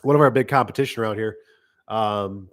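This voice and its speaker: A man's voice: lowish voice, fairly quick, fairly bright tone. A middle-aged man who runs a garage door business, telling rambling work stories in casual chat. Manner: rambling, acts out customer voices. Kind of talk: casual storytelling monologue.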